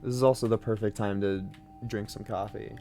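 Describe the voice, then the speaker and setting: A man's voice: on the low side, steady tone, brisk, gravelly, dark tone, soft background music. Rambling man streaming a game. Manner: rambling, self-deprecating, sweary. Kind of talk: casual gaming commentary. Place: at home.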